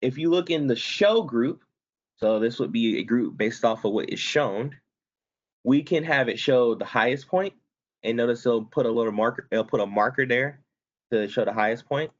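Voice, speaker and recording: A man's voice: mid-range voice, normal speed, highs cut off. A man instructor talking students through a spreadsheet tutorial step by step, casual and self-correcting as he goes. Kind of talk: screen-recorded software tutorial.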